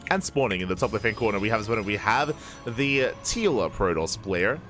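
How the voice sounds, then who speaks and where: Tired male esports caster, slightly slurred, lowish voice, chatty hype lines over faint music. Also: expressive, moderate pace, a bit bright. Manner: chatty, hypes with repeated catchphrases. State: tired, late at night. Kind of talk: live game commentary.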